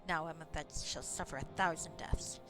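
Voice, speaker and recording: A woman's voice: deep voice, normal speed, music in the background, lightly acted. A woman reading a grave scheming rebel leader. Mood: solemn.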